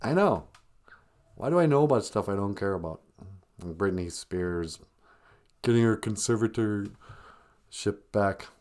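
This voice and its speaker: A man's voice: lowish voice, animated, a little slow, long pauses, a little mellow. A man hosting a live-stream podcast in casual chat, joking and laughing often. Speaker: podcast host.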